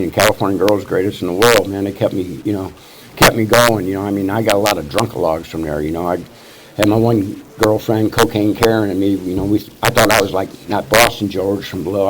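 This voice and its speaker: A man in his sixties from Missouri, telling his life story at a recovery meeting in a rambling, profane way, full of "you know" fillers. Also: sits low. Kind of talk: casual storytelling testimony. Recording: loud background noise.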